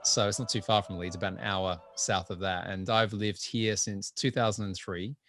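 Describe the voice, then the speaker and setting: A man from Adelaide whose Australian accent has been mixed by twenty years in the UK, chatting as a guest on an interview podcast in a lively way and laughing easily. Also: lowish voice, moderate pace, soft background music. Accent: Australian, mixed after twenty years in the UK. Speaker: guest entrepreneur. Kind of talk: interview conversation.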